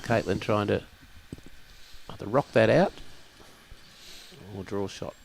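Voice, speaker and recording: A man co-commentating live lawn bowls, agreeable and measured. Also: lowish voice, gravelly, slight background noise. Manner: agreeable, brief affirmations and measured analysis.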